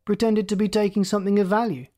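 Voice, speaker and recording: A narrator voicing a confident male mining ship officer, brisk and triumphant, in an audiobook reading. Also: mid-range voice, little pitch movement, warm tone, voice pushed up, close to an everyday voice.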